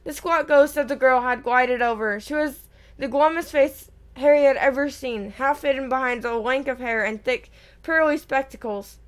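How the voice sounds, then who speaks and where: Woman reading a novel aloud, high-pitched, stumbling and self-correcting. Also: normal speed. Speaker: reader.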